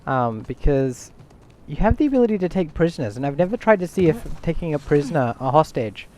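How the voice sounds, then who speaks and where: A man's voice: a little high, big pitch swings, brisk, a little mellow. A man streaming a video game, rambling through casual commentary and thinking aloud to his chat.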